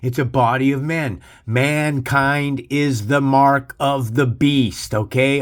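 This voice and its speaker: A man holds forth on his channel in a hard, preachy rant. He lectures the listener directly and swears freely. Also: medium pitch. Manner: aggressive, profane, preachy. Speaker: channel host. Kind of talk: ranting religious commentary.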